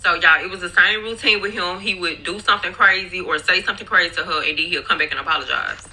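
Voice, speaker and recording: A woman's voice: lowish voice, fast talker, pushed and bright, husky, low-quality recording. A young woman telling a story to her phone in a rambling, profane way during a work break, often calling out to viewers. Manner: rambling, profane, keeps addressing viewers as y'all. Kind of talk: casual storytime chat. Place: workplace, on break.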